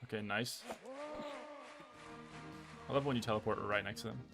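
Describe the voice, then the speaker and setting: A man's voice: on the low side, fairly even intonation, normal speed, gravelly, music in the background. A young man streaming a game, rambling casually, swearing at the game and chatting with his viewers. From Australia. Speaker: gaming streamer. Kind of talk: casual gameplay chat.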